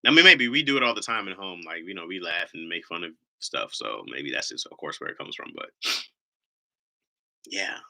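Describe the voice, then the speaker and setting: Bright, lively rambling man. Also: low-pitched, normal speed, creaky. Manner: rambling, laughing storyteller. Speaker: livestream host. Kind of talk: casual livestream chat.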